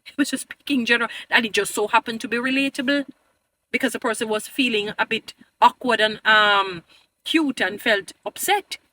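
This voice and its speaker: Emphatic high-voiced woman vlogger. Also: normal speed, pushed and bright. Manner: emphatic, pleading, preachy; addresses viewers as "beautiful people". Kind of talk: opinion commentary to camera.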